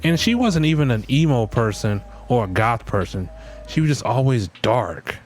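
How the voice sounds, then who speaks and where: A man's voice: medium pitch, very animated, moderate pace, a little hiss or hum. A man hosting a solo comedic rant, blunt and profane, slipping into voices of the people he quotes. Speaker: podcast host.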